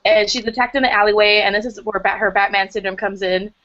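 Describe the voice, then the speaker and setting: A young woman chatting over a video call, eagerly recapping a story in a lively way. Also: medium pitch, fast talker, dull audio. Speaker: book club member. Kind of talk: casual chat.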